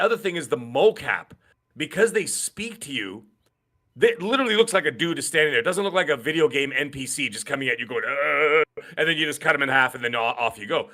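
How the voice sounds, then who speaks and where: A man co-hosting a gaming podcast in casual chat, excitable and given to acting out lines from games. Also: fairly high pitch, quick pace. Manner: excitable, acts out game characters' lines. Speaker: podcast co-host.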